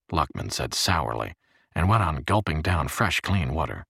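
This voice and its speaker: A man narrating an audiobook with expressive storytelling. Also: very deep voice, moderate pace, gravelly, breathy edge, no room sound, studio quality.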